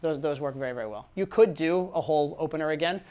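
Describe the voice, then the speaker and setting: A man's voice: a little high, quick pace, warm tone. A man giving casual dating advice, talking conversationally with repeated words and frequent "right?" tag questions. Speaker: dating coach.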